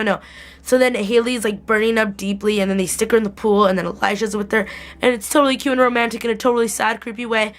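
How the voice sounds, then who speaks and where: A woman's voice: on the high side, a bit bright. A young woman in a casual vlog recapping a TV episode, gushing and filling her talk with "like" and "totally". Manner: gushing, heavy use of "like" and "totally". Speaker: TV recap vlogger. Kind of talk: casual chat.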